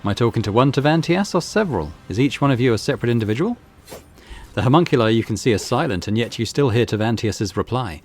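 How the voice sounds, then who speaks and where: A man hosting a let's play video, reading game text aloud and commenting offhand in a relaxed way. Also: mid-range voice, fast talker, soft background music. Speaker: gaming video host.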